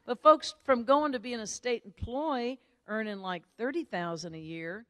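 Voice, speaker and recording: A woman's voice: a little high, moderate pace, no room sound, in a large hall. A woman giving a motivational speech to an audience, telling her story energetically and tagging lines with "right?". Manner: energetic, animated storytelling with frequent "right?" tags. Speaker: motivational speaker.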